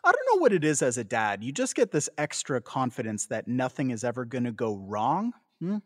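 Animated man telling funny stories. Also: mid-range voice, fairly quick, dry recording, studio quality. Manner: playful storytelling, animated. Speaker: podcast co-host. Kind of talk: casual chat.

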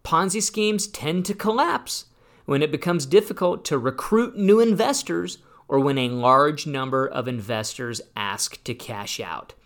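A man in his forties hosting a retirement planning show on his own, animated and sarcastic as he gets fired up and reads from his book. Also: on the high side, a little slow. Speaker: retirement planning radio host. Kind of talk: casual solo talk show.

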